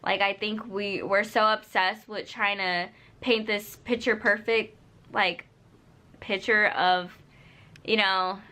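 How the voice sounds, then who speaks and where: A woman's voice: mid-range voice, fairly even intonation, slow, pushed and bright. A young woman vlogging, giving casual, unscripted advice straight to camera, full of "like" and "you know". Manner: earnest, direct advice-giving.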